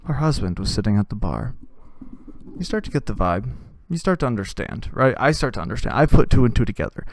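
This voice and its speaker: A man hosting a comedy show, telling a crude, rambling story with deadpan delivery. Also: medium pitch, brisk, a little hiss or hum.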